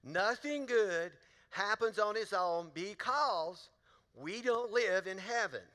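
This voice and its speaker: A male pastor preaches in a large church auditorium, telling folksy stories and putting questions to the congregation. His high voice is animated, slow and sharp, with long hall reverb around it.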